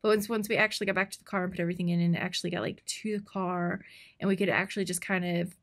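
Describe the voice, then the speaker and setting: A young woman telling a story in casual podcast chat, animated and giggly, with lots of fillers. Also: lowish voice, racing. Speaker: podcast co-host.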